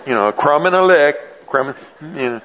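A man's voice: animated, a little slow, lo-fi sound. A man voicing exasperated, disbelieving male disciples, incredulous and mocking, in a large echoing hall. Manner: incredulous, mocking, high-pitched whining. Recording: long reverb in a large hall.

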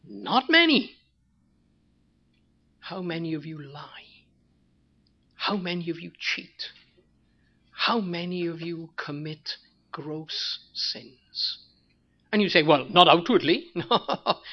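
Preacher, emphatic, rhetorical questions, repeats for weight, mid pitch, muffled lo-fi sound. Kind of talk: sermon.

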